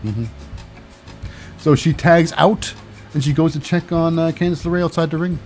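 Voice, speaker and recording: A man hosting a casual wrestling recap, rambling and halting with lots of fillers, wry and cynical. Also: on the high side, steady tone, darkish tone, faint music behind. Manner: rambling, halting, full of uh and what's that. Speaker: host.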